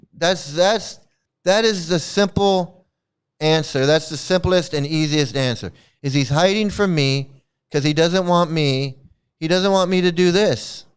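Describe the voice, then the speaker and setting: A man's voice: a little high, clear, resonant tone. A man hosting his own commentary channel, ranting and mocking with lots of repetition and swearing.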